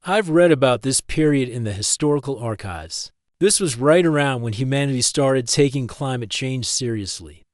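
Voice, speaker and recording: A man's voice: mid-range voice, animated, normal speed, hardly any pauses, no room sound, clean studio sound, close to an everyday voice. A man voicing a cheerful, brainy young woman physicist from the future, who talks in a chatty, polite and apologetic way.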